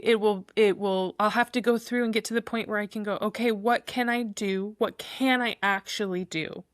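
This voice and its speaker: A woman guest on a podcast, speaking haltingly with restarts and small laughs. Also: medium pitch, no room sound, studio quality. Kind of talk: casual conversation.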